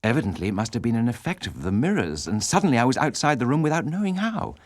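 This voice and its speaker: A man's voice: medium pitch, very animated, fast talker, no echo, clean studio sound. A man reading an audiobook as a frightened, wondering young woman singer telling her story in first person. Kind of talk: audiobook narration.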